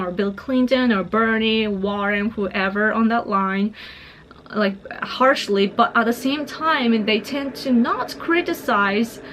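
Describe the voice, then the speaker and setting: Soft monotone woman from Japan. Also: on the high side, slight background noise. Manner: monotone and soft-spoken, quiet so as not to disturb family; earnest, frequent fillers and small laughs. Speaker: political vlogger. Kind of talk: casual commentary to viewers.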